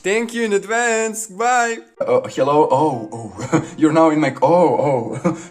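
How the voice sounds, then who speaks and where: A rambling man hosts a chaotic cooking vlog from home, hopping between thoughts with self-mocking asides. His voice sits a bit high and rings around an echoey room, with faint music underneath. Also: expressive, takes it slowly. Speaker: YouTube host.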